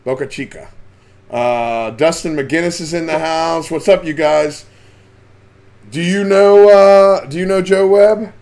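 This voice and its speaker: A man with a gravelly, slightly high voice runs a casual live stream about fishing. He talks in a chatty way and keeps greeting viewers by name as they join in. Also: unhurried, darkish tone.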